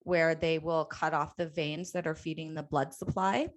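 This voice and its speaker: A woman in her thirties co-hosts a podcast in a casual chat. Her voice sits a little low, and she speaks earnestly with firm emphasis, now and then turning sarcastic. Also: fairly even intonation, moderate pace. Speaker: podcast co-host.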